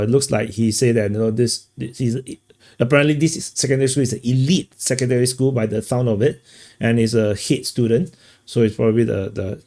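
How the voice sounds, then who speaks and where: A man hosting a casual commentary, talking in a halting way with many fillers and restarts. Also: medium pitch, warm tone. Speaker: commentator host.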